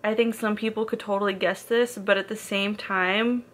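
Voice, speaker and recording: A woman's voice: mid-range voice, steady tone, normal speed, fairly bright tone. A young woman talking casually in a reading vlog, emotional and rambling, full of "like" and nervous laughs. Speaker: book vlogger.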